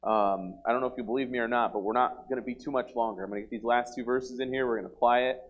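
A man's voice: medium pitch, steady tone, fast talker, phone-quality sound. A man preaching a sermon in an earnest, conversational way, restarting his sentences often.

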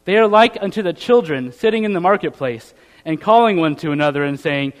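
A man with a high voice preaches in a loose, conversational style. He reads scripture aloud and keeps tossing rhetorical questions to his listeners. His voice rings on in the long reverb of a hall. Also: lively intonation, fairly quick. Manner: reads scripture aloud in old-fashioned wording. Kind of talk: sermon.

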